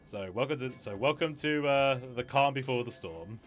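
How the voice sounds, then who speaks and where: A man's voice: medium pitch, normal speed, a bit bright, soft background music. A man hosting a casual gaming stream, rambling with many fillers and restarts and swearing freely. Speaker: streamer host.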